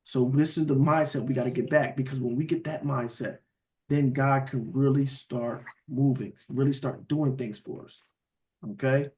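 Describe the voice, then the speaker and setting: A man leading a Bible study in a casual preaching style, lively and conversational, often calling his listeners "beloved". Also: medium pitch, normal speed.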